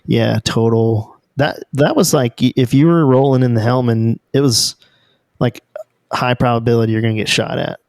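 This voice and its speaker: A man hosting a podcast, chatting in a relaxed, loose way and explaining things to his listeners. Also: medium pitch, normal speed, no room sound, clean studio sound. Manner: relaxed, loose and conversational, with fillers. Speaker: podcast host. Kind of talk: casual chat.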